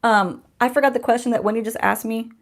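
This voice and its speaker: A woman's voice: a little high, steady tone, fast talker. A woman, hosting a casual beauty livestream from home in a chatty, sarcastic, laughing way. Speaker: beauty channel host.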